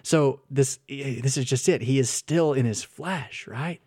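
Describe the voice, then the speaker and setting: A man's voice: mid-range voice, unhurried, breathy edge, no echo, clean studio sound. A man giving a conversational Bible teaching who reads passages dramatically and often checks in with "right?". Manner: animated, asks "right?" often, repeats words as he thinks.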